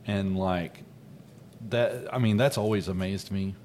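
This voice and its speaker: A man's voice: sits low, fairly even intonation, measured pace, a little mellow, a little hiss or hum. A man co-hosting a casual podcast chat, rambling and hesitant with lots of fillers. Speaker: podcast co-host.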